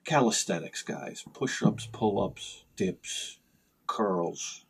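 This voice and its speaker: Gravelly and husky, this fairly low-pitched voice moves slowly. It belongs to a retro game channel host on a casual vlog, an animated storyteller who drifts through his tale and abruptly acts out both speakers in punchy bursts.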